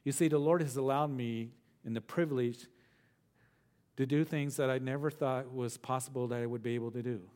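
In a steady, medium-pitched voice that's a little mellow, a middle-aged pastor delivers a verse-by-verse sermon with earnestness. Key words come slower, and he repeats phrases to drive them home.

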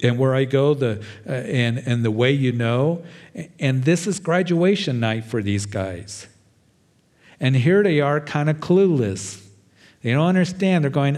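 Earnest preaching man, mid-pitched. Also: a little slow, a little mellow. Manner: earnest preaching with repeated "and, and" restarts. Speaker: pastor. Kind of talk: sermon.

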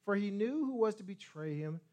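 Male pastor, fairly high voice, very lively pitch, preaching a sermon, swinging loud and soft. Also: a little fast. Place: church sanctuary.

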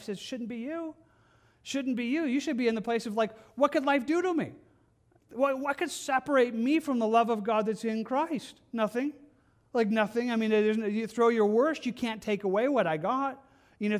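A man preaching a sermon as pastor, earnest and conversational, often repeating words as he goes. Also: high-pitched.

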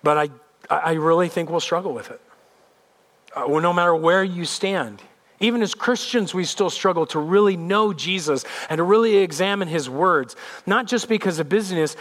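A man preaches a sermon in a high, bright-edged voice, leaning into points with emphatic repetition. His delivery stays conversational even while it presses hard on the message. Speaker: pastor.

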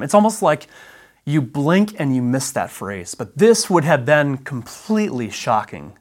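A male Bible teacher in the middle of a lesson, working through a passage point by point. He speaks in short, measured phrases and leans on key words, with pauses between them. He reads the verses aloud in the same steady manner. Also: medium pitch.

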